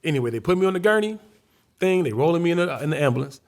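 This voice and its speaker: A man's voice: fairly high pitch, animated, very fast, a little mellow. Chicago man telling a dramatic story. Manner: vivid, dramatic storyteller who acts out voices and scenes. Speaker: guest comedian. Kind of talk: casual storytelling interview.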